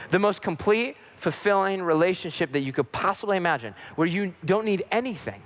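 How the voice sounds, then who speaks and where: A young man on a faith podcast, giving a sermon-like teaching and telling a personal story, acting out the voices he quotes. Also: high-pitched. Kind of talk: preaching-style faith talk with personal story.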